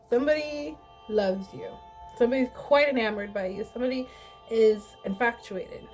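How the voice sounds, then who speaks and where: A woman's voice: fairly high pitch, normal speed, darkish tone, soft background music. A woman giving a casual tarot reading in a blunt, sassy, profane way. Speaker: tarot reader.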